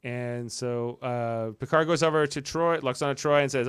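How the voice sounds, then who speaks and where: A man hosting a podcast, casually recapping an episode and slipping into quick playful voices for the characters. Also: medium pitch, clean tone, no echo. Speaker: podcast host.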